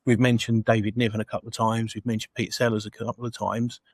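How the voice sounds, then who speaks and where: A man's voice: fairly low pitch, little pitch movement, quick pace, no room sound. Easygoing man chatting about a film. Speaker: podcast co-host. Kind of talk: casual film review chat.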